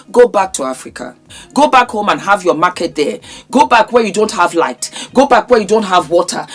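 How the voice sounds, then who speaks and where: A woman's voice: medium pitch, breathy edge. A woman vlogger with a sore throat, giving an impassioned, scolding commentary with emphatic repetition. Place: in England.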